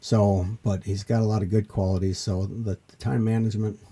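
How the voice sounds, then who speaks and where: Low, husky man talking business. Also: flat delivery, a little fast, warm tone. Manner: thoughtful, rambling with fillers. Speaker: small business owner guest. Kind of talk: casual conversation.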